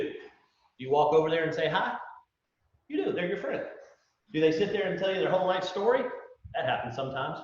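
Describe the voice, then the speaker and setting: Folksy man pitching in an echoey hall. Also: a little hiss or hum. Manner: folksy, acts out dialogues, fires rhetorical questions. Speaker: business owner presenting to recruits. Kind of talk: live sales pitch to an audience. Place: large event room with live audience. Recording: echoey hall, distant mic, dull lo-fi.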